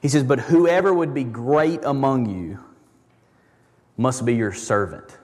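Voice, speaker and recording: A pastor preaching a sermon in a conversational, emphatic way, repeating words for stress. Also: male voice, mid-range voice, unhurried, darkish tone, big-room sound.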